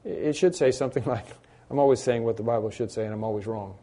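A man's voice: mid-range voice, quick pace, mellow. A man preaching an expository sermon in a conversational way, repeating key phrases for emphasis and poking fun at himself. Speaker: pastor.

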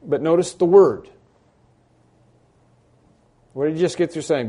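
A man's voice: on the high side, unhurried, long pauses, mellow. A man preaching an expository sermon in a conversational way, repeating key phrases for emphasis and poking fun at himself. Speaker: pastor.

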